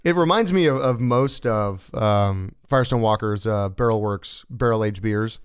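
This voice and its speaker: Smooth-voiced man hosting a beer podcast. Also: fairly low pitch, normal speed, no echo, clean studio sound. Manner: reads beer notes aloud, laughs easily. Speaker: podcast host. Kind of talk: casual chat.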